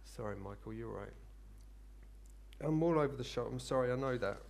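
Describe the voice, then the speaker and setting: A man preaching a sermon, earnest and rambling, rising into fervent excitement. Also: medium pitch, normal speed, creaky.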